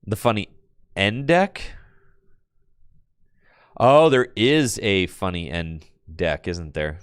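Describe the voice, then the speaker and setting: A man streaming a card game on his computer, chatting casually and excitably with his viewers in slang, with bursts of laughter. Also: lowish voice, slow, clean tone, dry recording, studio quality. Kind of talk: casual live-stream chat while playing a card game.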